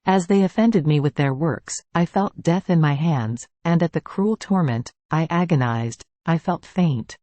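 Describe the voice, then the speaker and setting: A reader of devotional writings, speaking in a calm, even, measured way as a steady scripted reading. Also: medium pitch, dry recording.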